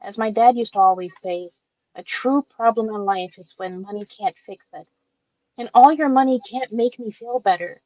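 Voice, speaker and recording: A woman voicing a gentle, tearful young woman with cancer in an amateur radio drama, speaking softly and with feeling. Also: on the high side, no room sound, natural voice. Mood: pleading. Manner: soft, emotional, slow-spoken. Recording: dull dry lo-fi recording.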